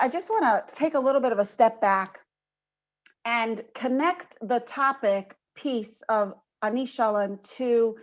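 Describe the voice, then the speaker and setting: A woman with a high voice leads a women's panel, talking informally and animatedly about Torah ideas. The audio has the dull, lo-fi sound of a video call. She tells her points like a storyteller. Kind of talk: informal Torah talk with a joke.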